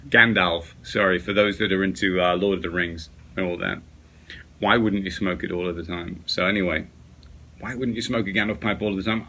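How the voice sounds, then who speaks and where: Low-voiced man rambling in a late-night vlog. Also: sharp tone. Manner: rambling, many fillers and restarts. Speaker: pipe smoking vlogger. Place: at home at night.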